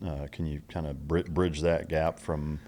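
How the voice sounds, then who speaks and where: A man's voice: a bass voice, level tone, unhurried, a little mellow, a little hiss or hum. A male podcast host reading a plain, straightforward sponsor ad and asking easygoing interview questions. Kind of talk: interview and ad read.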